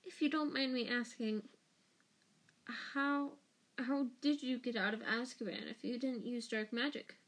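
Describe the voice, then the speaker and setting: A woman's voice: high-pitched, fairly even intonation, slow, darkish tone, voice pushed up. A woman voicing a timid, clever teenage schoolgirl witch who speaks politely and hesitantly.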